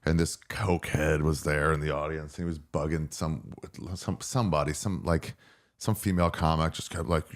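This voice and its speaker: A man's voice: low-pitched, brisk. A man, a comedian guest on a podcast, telling a loose, jokey anecdote in casual chat and acting out the lines of the people in it. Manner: loose, jokey, acts out quotes.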